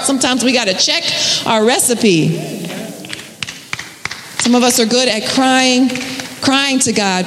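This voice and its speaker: A woman preaches in a long-reverberating church hall, her voice a little high and ringing off the walls. She builds her points by repeating phrases, and she breaks into casual, folksy asides. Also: a bit bright, slight background noise. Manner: rhythmic, repeating phrases for emphasis. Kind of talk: sermon.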